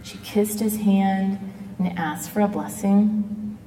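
A middle-aged woman giving an earnest personal testimony, speaking in a measured way and slowing down on quoted words. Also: medium pitch, fairly even intonation, dark tone. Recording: echoey hall, mic at a distance.

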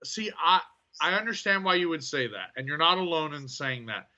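A man co-hosting a podcast, talking through his thoughts on wrestling in a thoughtful, hesitant way with many pauses. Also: on the high side, lively intonation, bright, forceful tone, highs cut off. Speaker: podcast co-host. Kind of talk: casual wrestling review chat.

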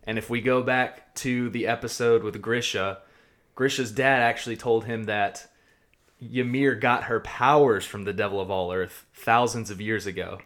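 A man with a lowish voice co-hosts a casual podcast. He talks in a relaxed, chatty way and builds eager fan theories as he goes. His wording is blunt and now and then profane. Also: moderate pace. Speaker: podcast co-host. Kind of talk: casual chat.

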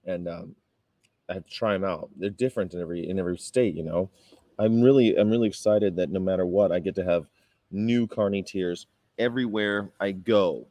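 Guy from california rambling to camera, mellow darker voice, dry close sound. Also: deep voice, fairly quick, no echo. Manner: rambling storyteller, acts out confrontations in raised voices. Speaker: vegan activist vlogger. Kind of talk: casual talking-to-camera vlog.

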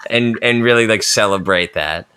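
A man chats easily as a podcast co-host, relaxed and unhurried. He hedges his explanations with "kinda" and "you know", and he jokes dryly along with his partner. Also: fairly low pitch, clear, resonant tone. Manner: laid-back, hedging with "kinda" and "like". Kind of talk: casual chat.

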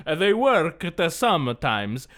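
A podcaster puts on a little old Italian man's voice and a put-on Italian accent to read a product review, in a slow, drawn-out, sing-song way. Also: mid-range voice, very animated, a bit bright. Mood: hammy, mournful. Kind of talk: comic dramatic reading.

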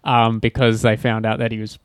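A man co-hosting a casual chat about a TV episode, acting out quotes in higher voices. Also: fairly quick, clean tone, no room sound. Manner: animated storyteller, acts out quotes in higher voices. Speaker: podcast co-host.

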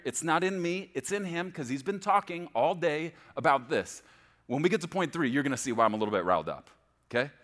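A male preacher delivers a sermon with a bright, forward voice that swings widely up and down in pitch. He rushes some phrases and draws others out slowly for emphasis, and keeps checking in with the congregation. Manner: animated, emphatic, speeds up and slows down for stress; checks in with the congregation, repeating "okay?". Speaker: pastor.

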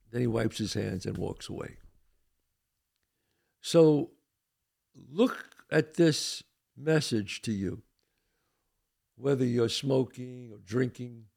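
Gravelly older man giving blunt advice. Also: mid-range voice, darkish tone. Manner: emphatic, earnest, repeats points to drive them home; blunt, mildly profane. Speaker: podcast host. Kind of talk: casual monologue.

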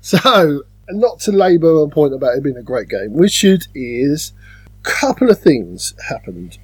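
A man's voice: on the high side, very animated, measured pace, breathy edge, no echo. A British man co-hosting a podcast, chatting casually about board games and telling stories with playful put-on voices. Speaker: podcast co-host.

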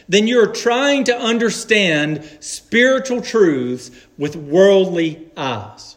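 A man preaching a sermon, earnest and measured, leaning on emphatic pauses. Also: sits high, expressive.

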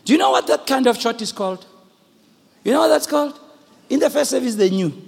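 A man with a South African accent preaching a sermon to a congregation, animated, shouting at the peaks and joking with the crowd. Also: extremely high pitch, a little fast, gravelly, slightly rough. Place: church hall with congregation. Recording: long echoing hall reverb.

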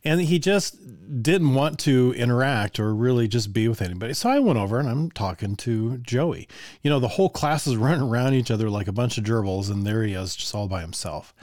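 An older man, a music teacher, telling stories from his classroom in a relaxed, conversational way with frequent chuckles and asides to the listener. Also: mid-range voice, a little fast, no echo, studio quality. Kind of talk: casual storytelling.

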